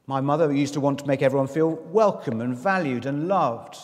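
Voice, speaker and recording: Male preacher, mid-pitched, conversational and wry, church reverb. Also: fairly quick. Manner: chatty and self-deprecating, with asides to the congregation. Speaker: visiting preacher. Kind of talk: sermon. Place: church in London.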